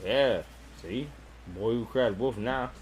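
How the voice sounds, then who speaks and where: A man's voice: mid-range voice, takes it slowly, breathy edge. A man co-hosting a casual podcast, laid-back and profane as he retells scenes in detail. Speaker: podcast co-host. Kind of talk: casual chat reviewing a cartoon.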